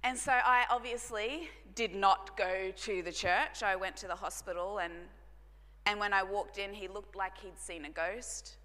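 A woman pastor, telling a personal story in a sermon, earnest and dropping to hushed tones for emphasis. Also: medium pitch, unhurried. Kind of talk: sermon testimony. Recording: long hall reverb.

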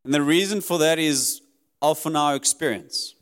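A man preaching with a somewhat high, smooth and resonant voice. He speaks earnestly and emphatically, swinging from raised, urgent lines down to quiet ones. The sound rings with the long reverb of a church hall. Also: moderate pace. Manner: earnest, emphatic preaching that rises and drops sharply. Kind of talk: sermon.

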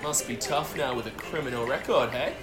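An actor with an Irish accent playing a loud, teasing male restaurant owner in a comedy sketch, laughing and mocking. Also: medium pitch, brisk, over music, natural voice. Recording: roomy echo.

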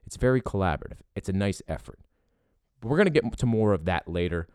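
A man's voice: on the low side, sing-song, fast, a little mellow, smooth, no echo, studio quality. Profane, heated Philadelphia man ranting. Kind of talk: opinion rant.

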